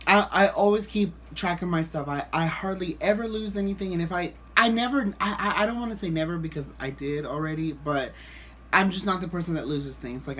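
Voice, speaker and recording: A man vlogging, telling a story to the camera in a rambling, animated way with lots of restarts. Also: a little high, a little hiss or hum.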